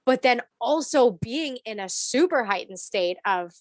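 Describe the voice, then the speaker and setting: A woman, a spiritual coach, telling a story in a casual interview, animated, acting out quotes and laughing. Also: a little high, a little slow, no room sound.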